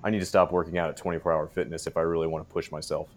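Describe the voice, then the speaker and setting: A man's voice: deep voice, flat delivery, rapid-fire. A young man hosting an interview, asking questions in an eager, fan-like way. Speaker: podcast host, interviewer.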